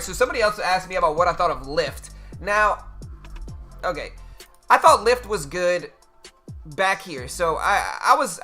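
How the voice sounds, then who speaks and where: A man talks loosely to his live-stream chat about the market in a bright, forward voice that sits a little high. He drops casual slang like bro and dude. Faint music plays underneath. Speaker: livestream trading host.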